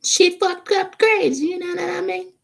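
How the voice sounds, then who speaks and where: A man putting on a frantic, profane ranting guy who repeats catchphrases and shouts in bursts. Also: extremely high pitch, normal speed, creaky, pitched above the performer's own voice, heavily acted.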